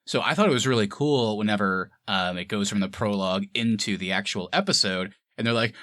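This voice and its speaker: A man co-hosting a film review podcast in casual chat, animated and laughing often as he acts out scenes. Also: fairly low pitch, a little fast, hardly any pauses, dry recording, studio quality.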